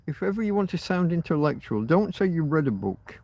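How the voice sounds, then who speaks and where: A man's voice: a little high, sing-song, a little fast, vocal fry, mellow. A man hosting a livestream, thinking aloud in rambling casual chat, often muttering and swearing to himself. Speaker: livestream host.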